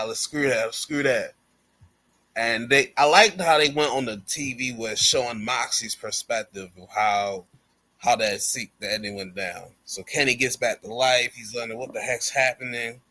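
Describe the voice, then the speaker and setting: On a podcast, a male co-host with a mid-range, sharp-toned voice casually recaps a wrestling show. He tells it like a story, using slang and acting out the wrestlers' lines.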